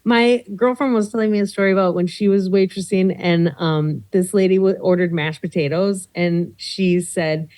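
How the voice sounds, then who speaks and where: A woman comedian chatting on a podcast, telling animated stories and slipping into quoted voices. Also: on the low side, moderate pace, few pauses, rough recording. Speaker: comedian guest. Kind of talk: casual podcast chat.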